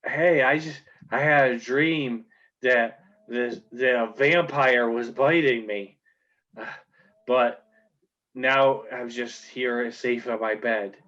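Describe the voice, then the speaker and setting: Man plays a dazed, frightened village woman in a tabletop game; slow, dull audio. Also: medium pitch, steady tone, fairly bright tone. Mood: groggy. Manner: drowsy, rambling, fearful. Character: groggy confused young village woman.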